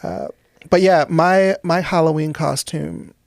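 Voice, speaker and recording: A young woman with a gravelly, fry-edged voice talks in a casual interview. She delivers dark jokes deadpan and chuckles at them. The sound is dry and close, with no room. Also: sits low, measured pace, no room sound. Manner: deadpan, dark humor, laughs at own jokes. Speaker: guest comedian.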